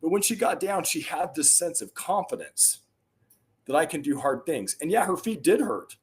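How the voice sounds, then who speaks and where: A middle-aged man appearing as a podcast guest tells stories in an earnest, emphatic way during a conversational interview, with bursts of rising energy. His voice is on the high side, with lively intonation at a normal speed.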